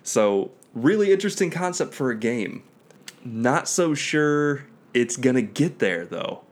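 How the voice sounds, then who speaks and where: A man's voice: medium pitch, big pitch swings, a little slow. A man co-hosting a casual talk show, easygoing and hedging as he thinks aloud. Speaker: podcast co-host. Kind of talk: casual chat about video games.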